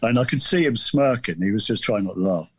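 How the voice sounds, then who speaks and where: Podcast guest, man about 60, husky tone, dry sound, loose amused storyteller. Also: lowish voice, expressive, a little fast, no echo. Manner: rambling, amused anecdote telling. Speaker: guest author. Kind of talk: casual storytelling chat.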